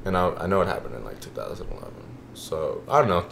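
A man in his twenties on a podcast, casually telling a long story with lively swings and casual swearing. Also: sits low, quick pace, vocal fry, noisy background. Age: 20s. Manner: animated storyteller, swears, says "bro". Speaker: podcast co-host. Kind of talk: casual chat.

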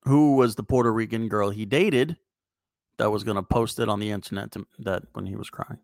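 A man's voice: lowish voice, fairly even intonation, fairly quick, gravelly, darkish tone, no echo, clean studio sound. A male comedian from New York City, joking around as a podcast guest and stumbling through guesses.

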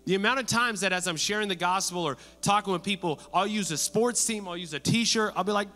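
A pastor in full sermon flow, his voice high and bright with a forceful edge. He preaches in a lively, conversational way and briefly acts out the people he quotes. His voice rings through a big reverberant church hall over soft background music. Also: fairly quick, hardly any pauses.

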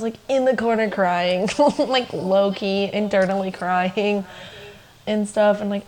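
Her medium-pitched voice has a darkish tone, captured on a rough recording. She's a young woman co-hosting a podcast, loosely and chattily sharing a personal story peppered with "like" and laughter.

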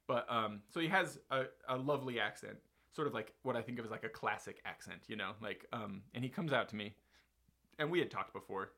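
A man's voice: mid-range voice, brisk, vocal fry. Rambling man telling a story. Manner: rambling, animated, many fillers and restarts. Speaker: podcast host telling a story. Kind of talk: casual storytelling chat.

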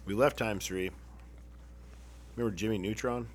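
A man from the Phoenix, Arizona area tells rowdy stories to his friends in casual chat, swearing a lot and laughing through his own tales. His voice is fairly low with a steady tone and a moderate pace, and there's slight background noise.

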